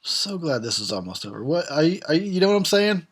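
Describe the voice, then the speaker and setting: A tired man who has been drinking gives casual, profane, sarcastic commentary on a film, chuckling often. His voice sits on the high side, with big pitch swings and a fast delivery.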